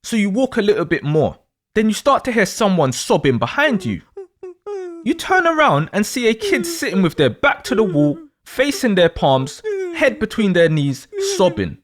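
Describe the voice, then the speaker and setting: A man telling a dramatic second-person story, in an animated way. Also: high voice, moderate pace. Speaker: astrology storyteller.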